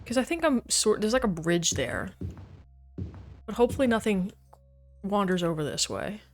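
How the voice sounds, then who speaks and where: During a casual gaming livestream, a woman with a medium-pitched, animated voice talks with chat as she plays, laughing frequently. She speaks at a moderate pace, and there's a little hiss or hum in the recording.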